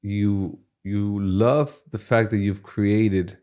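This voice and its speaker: A man's voice: on the low side, steady tone, extremely slow, dark tone. A man who is a guest on a podcast, telling stories from his life in an earnest, reflective way. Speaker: podcast guest, music executive. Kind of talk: conversational interview storytelling.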